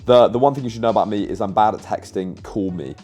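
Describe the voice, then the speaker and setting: A young man reading out and commenting on his dating app chats in a sarcastic, deadpan way, swearing casually. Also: fairly low pitch, quick pace, faint music behind.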